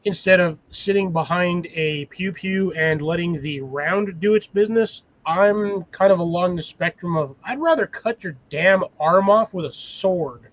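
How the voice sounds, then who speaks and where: A man chatting casually on a live stream, rambling and animated, swearing freely. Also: sits high, unhurried, few pauses. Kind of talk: casual chat. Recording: dull lo-fi mic.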